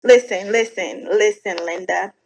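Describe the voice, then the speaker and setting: A woman giving casual reaction commentary from home at night, animated, sassy and blunt, swearing freely. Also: medium pitch, a little slow, gravelly, poor audio. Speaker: online commentator reacting to videos.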